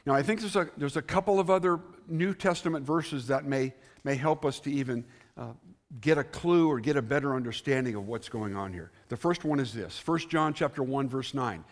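A man preaching a sermon as pastor, earnest, rising on key words and then dropping softly. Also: mid-range voice, fairly quick. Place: church sanctuary.

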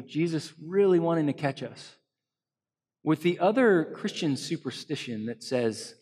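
A man preaching an earnest sermon as pastor to a congregation, swinging between loud emphasis and soft hushed lines. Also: high-pitched, animated, a little slow, in a large hall. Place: church hall.

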